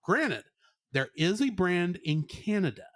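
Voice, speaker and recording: A man co-hosting a podcast, giving an animated, sarcastic movie review in casual chat. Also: high-pitched, measured pace, dry recording, clean studio sound. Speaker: podcast co-host.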